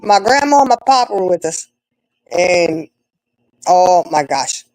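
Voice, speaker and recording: A woman, telling stories in a relaxed chat among friends. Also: unhurried, rough recording. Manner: chatty storyteller, animated with big swings in pitch. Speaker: co-host. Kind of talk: casual chat.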